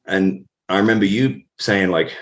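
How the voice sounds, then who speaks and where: A man's voice: sits low, fairly even intonation, moderate pace, fairly bright tone. A British man in his thirties, a guest telling stories in a casual interview, rambling with many fillers and restarts. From Britain.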